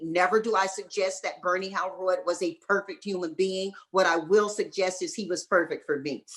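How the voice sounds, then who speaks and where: A woman from North Carolina with a Southern accent, a guest in a fireside chat, telling stories in an emphatic, folksy, motivational way and slowing down to repeat key lines. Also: lowish voice, fairly bright tone. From North Carolina, USA. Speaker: guest entrepreneur.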